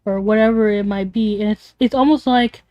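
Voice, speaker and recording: A woman's voice: mid-range voice, fairly even intonation, fairly quick, dry recording, muffled recording. A young woman streamer venting in a casual, rambling way, emotional and swearing often.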